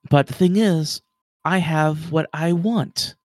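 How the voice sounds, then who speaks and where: A man voicing an ancient, weary guardian being who speaks slowly and softly. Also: on the high side, no echo, pitched above the performer's own voice. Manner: slow, soft, world-weary, dry.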